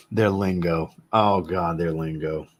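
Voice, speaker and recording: A man with a fairly low voice chats casually on a home livestream. He answers viewers in a blunt, joking way and swears freely. He sounds like a man in his thirties. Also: fairly even intonation, slow pace. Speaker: fragrance reviewer hosting a live chat. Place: home room with a fragrance shelf.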